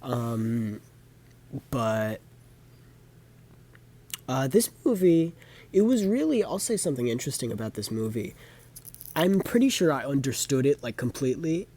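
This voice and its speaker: A young vlogger reviews movies he's watched in a casual, rambling monologue full of fillers and self-corrections. His medium-pitched, dark voice is sing-song and a little slow, with long pauses.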